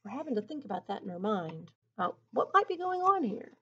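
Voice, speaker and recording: A woman reading a picture book aloud in an expressive, teacherly way, pausing to think aloud about the story. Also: mid-range voice, husky. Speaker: storybook reader. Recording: dull lo-fi recording.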